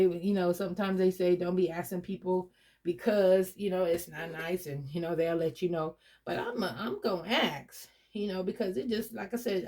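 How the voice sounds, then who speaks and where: A middle-aged woman with a low, warm voice chats casually to camera as a doll collector vlogger. She rambles to her viewers with many restarts and fillers.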